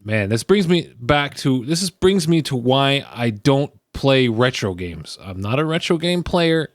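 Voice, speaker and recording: A man's voice: mid-range voice, very animated, a little slow, no room sound, studio quality. A man co-hosting a casual gaming podcast, speaking bluntly in plain everyday talk. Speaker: podcast co-host.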